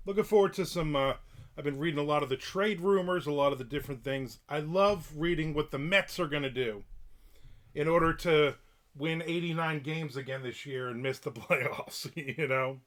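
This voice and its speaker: A man's voice: a little high, a bit bright. A middle-aged man hosting a livestream, giving a casual rant in a blunt, profane and opinionated way. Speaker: livestream host.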